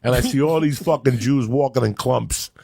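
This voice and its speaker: Gravelly New storyteller, profane. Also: male voice, mid-range voice, normal speed, dry recording, clean studio sound. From New Jersey. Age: older. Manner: profane, animated street storytelling. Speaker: host. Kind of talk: casual storytelling monologue.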